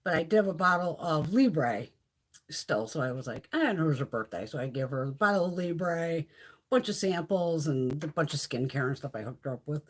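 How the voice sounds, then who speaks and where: A woman's voice: deep voice, expressive, a little fast. A middle-aged woman chatting casually and profanely on a beauty live stream, laughing often.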